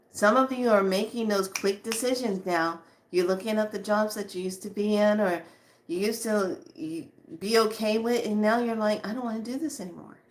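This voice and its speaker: This is a woman, a spiritual teacher, chatting informally with her audience on spiritual topics. Pitch is mid-range; she's animated and often laughing, and she softens and slows to a hush for reassuring lines.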